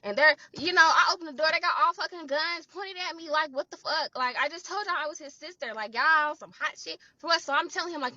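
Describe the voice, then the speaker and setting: A woman telling a profane, animated storytime, acting out the quotes. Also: high-pitched, fairly quick, no room sound, dull audio. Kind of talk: casual storytime vlog.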